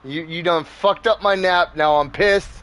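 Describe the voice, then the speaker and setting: A man's voice: high voice, measured pace, fairly bright tone, slight background noise. A man voicing a grumpy pig woken from its nap, swaggering and profane. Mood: defiant.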